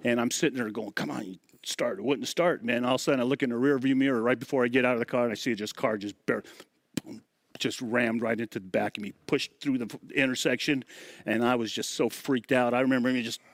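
A middle-aged man telling stories in a casual interview, lively and fond of acting out the voices of people in his stories. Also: mid-range voice, quick pace. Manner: animated storyteller acting out quoted voices. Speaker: guest, former drum tech.

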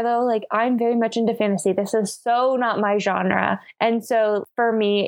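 A woman's voice: medium pitch, darkish tone. A woman co-hosting a casual book club podcast, blunt and joking in her complaints. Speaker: podcast co-host.

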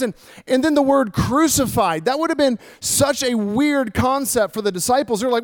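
A male pastor preaching a sermon in a conversational, animated way, reading and explaining scripture. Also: very high-pitched, moderate pace.

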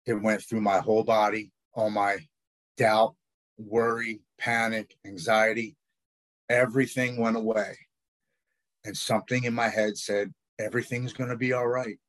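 A middle-aged man telling his own recovery story in a raw, halting way, often repeating words. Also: lowish voice, flat delivery, no room sound. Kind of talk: personal storytelling.

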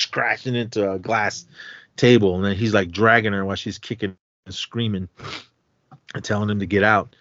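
A man co-hosting a podcast walks through a horror film's plot in a casual recap, quickly acting out what the characters say. He speaks with a fairly low, steady voice, and the audio is dull, dry and free of room sound.

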